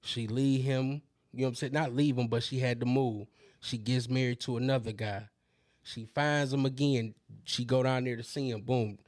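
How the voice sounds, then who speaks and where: A man's voice: mid-range voice, normal speed, dry recording, clean studio sound. A man co-hosting a podcast, chatting casually and acting out stories. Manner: animated storyteller, acts out quotes in a raised voice. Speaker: podcast co-host. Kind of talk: casual chat.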